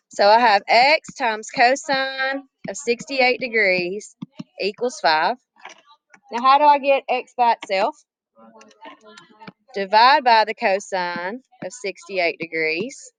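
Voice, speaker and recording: A woman's voice: a little high, fairly bright tone, rough recording. A woman teaching a math class, chatty and often asking the students questions. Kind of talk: classroom lesson.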